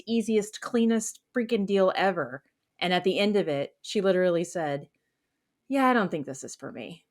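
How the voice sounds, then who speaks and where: A woman podcast co-host and real estate agent chatting casually, blunt and quick to laugh. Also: lowish voice. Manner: laughs easily, blunt reactions. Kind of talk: casual chat.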